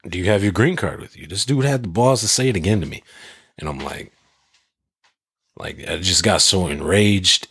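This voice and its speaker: A man with a very low, husky voice recounts his experiences in a relaxed chat, swearing freely and building the story with energy. The sound is dry and close, with no room around it. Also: dry recording. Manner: profane, animated storyteller. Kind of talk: casual chat.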